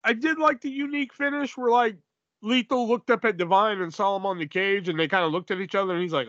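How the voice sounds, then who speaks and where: A man co-hosting a podcast, chatting casually and profanely about wrestling, rambling and animated. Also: high voice, fast talker, no room sound, highs cut off. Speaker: podcast co-host. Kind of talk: casual wrestling review chat.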